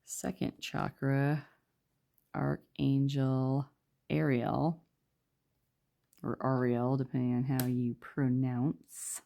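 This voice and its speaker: A woman giving a casual, rambling tarot reading, talking quietly with lots of fillers. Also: rumbling low, completely flat delivery, slow pace, creaky. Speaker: tarot reader.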